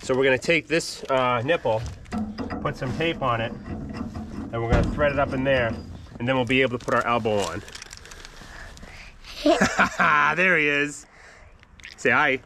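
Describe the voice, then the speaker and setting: A man talks his viewers through an outdoor DIY job in a relaxed, chatty how-to vlog. He explains each step plainly, with frequent ums along the way. His voice sits in an ordinary middle pitch, with a faint hiss of noise behind it. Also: measured pace, long pauses. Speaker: homesteading channel host. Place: outdoors by a wood boiler after snowfall.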